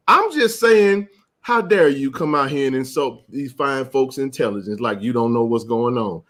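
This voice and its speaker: A man hosting a live sports chat, ranting with passion and rising to shouts. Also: a little high. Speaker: sports talk show host.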